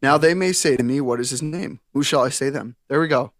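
A man's voice: mid-range voice, fairly quick, no echo, clean studio sound. A man co-hosting a casual faith podcast, reading scripture aloud and retelling it with laughs and slang. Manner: animated, laughing, plays up the story with modern slang. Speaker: podcast co-host.

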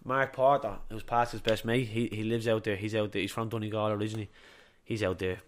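A young Irish man, a boxer, telling stories in a casual interview, chatty and quick to swear. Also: fairly low pitch, little pitch movement. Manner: rapid, chatty, swears freely, repeats itself. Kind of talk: casual chat, storytelling.

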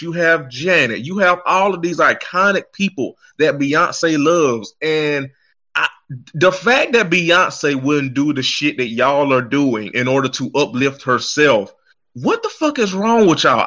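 Heated ranting man, bright and lively. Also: a little high. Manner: heated, exasperated, swears heavily. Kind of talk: profane ranting commentary.

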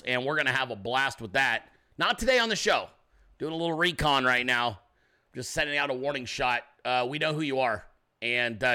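Brash, bright-voiced male podcast host. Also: on the high side. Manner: brash, sarcastic ranting. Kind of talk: political talk show monologue.

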